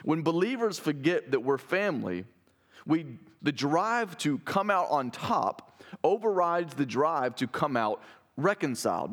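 A man preaching a sermon in a conversational way, asking his listeners rhetorical questions. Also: on the high side. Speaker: pastor.

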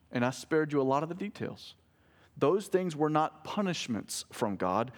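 A man in his thirties preaching a sermon as a pastor, conversational, telling family stories and joking with the congregation. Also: a little high. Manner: conversational preaching with family anecdotes and self-corrected jokes.

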